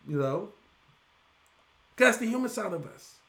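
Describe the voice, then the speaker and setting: A middle-aged man, preaching a lively sermon as pastor, tossing questions back to the congregation. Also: sits high, a little slow.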